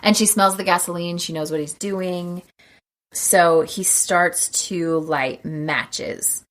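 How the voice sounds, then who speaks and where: Low-voiced woman recapping a film. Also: slow. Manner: animated retelling, acting out quotes. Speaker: podcast co-host.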